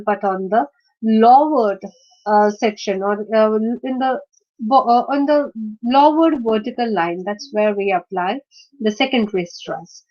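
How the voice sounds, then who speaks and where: A woman with a fairly high voice gives an online lecture, working through her points slowly with frequent pauses and restarts. The sound is dull and lo-fi, as if captured on a computer microphone. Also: darkish tone. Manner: hesitant, many fillers and restarts. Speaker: teacher. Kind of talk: screen-shared online lecture. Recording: dull lo-fi recording.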